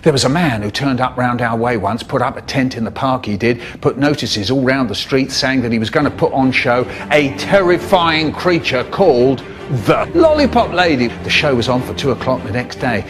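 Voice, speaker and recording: A man telling a comic story in a lively way, jumping between voices. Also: mid-range voice, normal speed, hardly any pauses, over music. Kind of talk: comedic storytelling.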